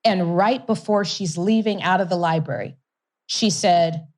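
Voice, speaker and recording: Animated woman telling a story. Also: lowish voice, a little slow. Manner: animated storyteller who laughs often and repeats words for emphasis. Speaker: guest, company CEO. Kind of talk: conversational storytelling interview.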